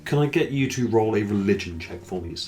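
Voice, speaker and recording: A man acting as game master, narrating a tabletop game in a measured, descriptive way. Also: on the low side, lively intonation, darkish tone.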